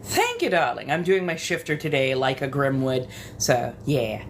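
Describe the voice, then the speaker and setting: A woman's voice: very deep voice, sing-song, a little slow, a little hiss or hum. A young woman with a West Coast accent chatting casually with live-stream viewers, rambling and swearing freely.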